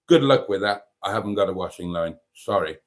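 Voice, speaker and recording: A man's voice: low-pitched, lively intonation, brisk. A man from Britain hosting a live stream, chatting casually and rambling between jokes. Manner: rambling, jokey, theatrical.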